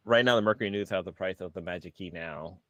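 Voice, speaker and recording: A man's voice: low-pitched, fast, fairly bright tone, no room sound, dull audio. A man co-hosting a casual podcast, joking loosely and swearing a lot. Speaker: podcast co-host. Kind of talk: casual chat.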